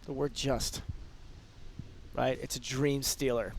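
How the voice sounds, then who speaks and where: A man's voice: mid-range voice, slow pace, creaky, pauses often. Emphatic male podcast guest. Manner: energetic, emphatic, often quoting example phrases. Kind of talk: conversational coaching talk.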